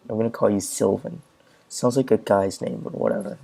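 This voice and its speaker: A man's voice: fairly low pitch, a little slow, creaky, dark tone, breathy edge. A man commentating on his gameplay and reading game dialogue aloud in a loose, offhand way.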